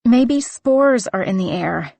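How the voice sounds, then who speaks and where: A woman's voice: a little high, expressive, slow, creaky, warm tone, dry recording, voice pushed up, full character voice. Woman doing a hesitant young research assistant, lifting her questions. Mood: nervous, reasoning. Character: young female research assistant, reasoning nervously.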